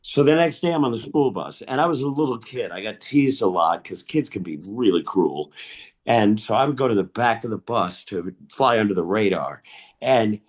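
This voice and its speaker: A man in his fifties doing stand-up, telling a personal story in a confiding, animated way over a home mic on a video call. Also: on the low side, normal speed. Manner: confiding, animated storyteller who admits to nerves. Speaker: stand-up comedian.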